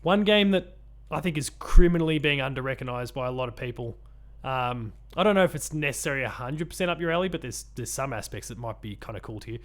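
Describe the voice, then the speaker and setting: Co-hosting a laid-back chat podcast, this man from Australia talks fast and expressively in a mid-range, slightly bright voice. He rambles, restarts, says um a lot, and laughs frequently.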